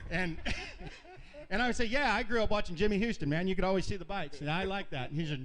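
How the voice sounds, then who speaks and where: A man telling rambling, animated stories at an outdoor fishing weigh-in, often laughing as he talks. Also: sits high, quick pace, a crowd in the background. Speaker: tournament angler. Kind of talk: storytelling at a weigh-in.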